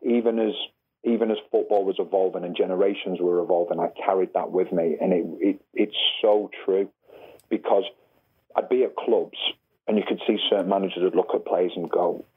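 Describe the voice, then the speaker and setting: Male ex-footballer guest, low husky voice, lively storyteller, phone-line audio. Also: a little fast. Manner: animated, acts out quotes with rising pitch. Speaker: former footballer, podcast guest. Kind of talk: anecdotal storytelling.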